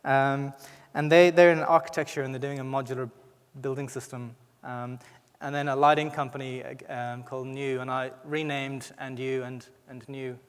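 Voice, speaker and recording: A man's voice: mid-range voice, flat delivery, moderate pace, hardly any pauses, clean tone. A man with an Irish accent giving a conversational conference talk, often restarting his sentences. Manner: conversational, frequent restarts and fillers. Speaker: conference speaker. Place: conference hall. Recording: reverberant hall.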